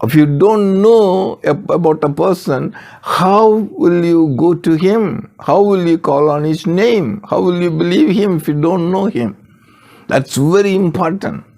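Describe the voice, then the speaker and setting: Older man, sermon, slow emphatic repetition, somewhat high voice. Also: gravelly, darkish tone. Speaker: preacher.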